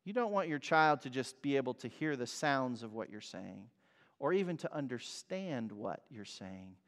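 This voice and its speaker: A man preaching a sermon as pastor, emphatic and swinging from loud cries to quiet words. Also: mid-range voice, very animated, moderate pace. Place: church hall. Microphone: mic over speakers. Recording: long reverb of a hall.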